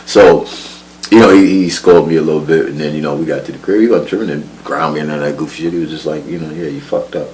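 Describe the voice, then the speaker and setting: A young man casually telling a story from his life, animated and profane, laughing often and mimicking the people he quotes. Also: extremely low pitch, fast talker, slight background noise, rough recording.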